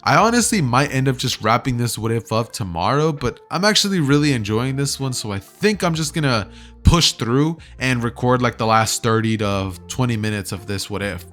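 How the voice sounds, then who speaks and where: A young man rambles through a fan story in a loose, chatty way, stacking "like" and "you know" as he goes. His voice sits at an ordinary middle pitch. Soft music plays quietly behind him. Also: animated, normal speed. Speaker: YouTuber. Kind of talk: casual retelling of a fan story.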